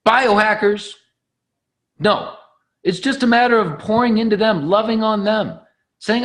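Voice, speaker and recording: A man giving an energetic, preachy motivational training talk on a conference call, acting out sales conversations. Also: sits high, measured pace. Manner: energetic and preachy, acts out dialogues. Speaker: network marketing trainer.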